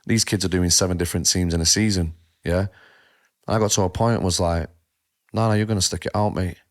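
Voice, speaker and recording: A man's voice: low voice, fast talker. A man telling stories in casual podcast chat, swearing freely and acting out what people said. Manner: animated storyteller, swears freely, acts out dialogue. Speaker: podcast co-host.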